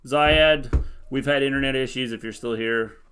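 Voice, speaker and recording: A man's voice: medium pitch, steady tone, normal speed, a bit bright, slight background noise. A man co-hosting a casual live-stream recap, hedging his views and talking straight to viewers. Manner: chatty, hedging, talks to viewers. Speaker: co-host.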